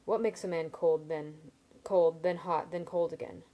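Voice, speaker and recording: A woman's voice: low-pitched, steady tone, a little slow, dark tone. A woman reading as a blunt, practical young man. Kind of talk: reading a novel aloud.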